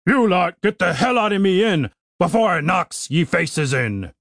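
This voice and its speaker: Brief: a man playing a gruff bald innkeeper, raspy, lively swings in pitch, booming and coarse. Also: unhurried, dry recording, clean studio sound, heavily acted. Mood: indignant. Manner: booming, coarse dialect grammar. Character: large bald gruff male innkeeper, rough-spoken.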